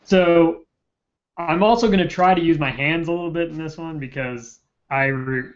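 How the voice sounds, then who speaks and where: A man with a fairly high voice hosts a casual live-stream chat, talking eagerly and rambling between ideas. The sound is dull and lo-fi, like typical web stream audio. He often trails off and restarts as he thinks aloud. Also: normal speed. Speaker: host of a political web show.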